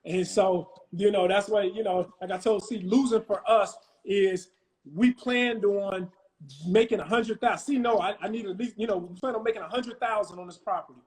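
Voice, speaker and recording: A man's voice: high-pitched, steady tone, normal speed, darkish tone, poor audio. A man talking as a real estate investor guest in a casual live-stream chat, emphatic and slangy, repeating his phrases. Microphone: phone on a live stream.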